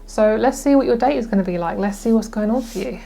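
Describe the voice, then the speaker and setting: A young woman giving a casual pick-a-card tarot reading, gushing and excitable, with frequent swearing. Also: fairly high pitch, fast, creaky. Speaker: tarot reader.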